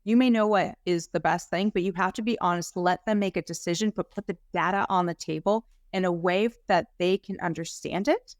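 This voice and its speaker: A woman practitioner speaking as an interview guest, excited and fired up, with frequent "like" fillers. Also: lowish voice, a little fast, hardly any pauses, no room sound, studio quality. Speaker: guest health practitioner and educator. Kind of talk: casual interview talk.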